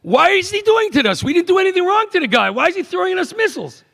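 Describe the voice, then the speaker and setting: A man voicing his young daughter, frightened and puzzled, in a high voice. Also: very animated, fast, vocal fry, fairly bright tone, in a large hall, heavily acted. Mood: bewildered.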